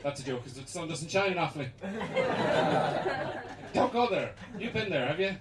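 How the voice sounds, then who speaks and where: A young Irish man doing live stand-up in a small basement comedy room, rambling and chuckling through his jokes with sudden shouted bits. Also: fairly high pitch, lively intonation, quick pace, over a noisy crowd. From Ireland. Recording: echoey basement gig, distant mic, loud noise.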